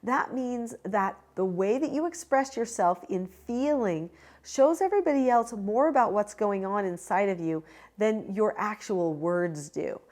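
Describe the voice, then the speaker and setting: A woman hosting her own channel, giving parenting advice in a calm, measured and directive way. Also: medium pitch. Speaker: parenting educator and channel host. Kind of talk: direct-to-camera advice talk.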